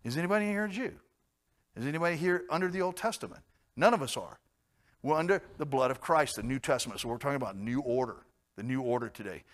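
A man preaching a casual Bible teaching in a blunt, conversational way, with joking asides and sudden loud stresses. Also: fairly high pitch, lively intonation, fast.

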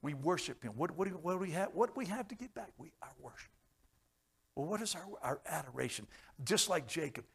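A man delivers a sermon in a somewhat high voice, moving between hushed, intimate passages and loud, fervent ones. He tells stories in a folksy way and slips in jokes and chuckles along the way. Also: lively intonation, fairly quick, gravelly, husky. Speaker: preacher.

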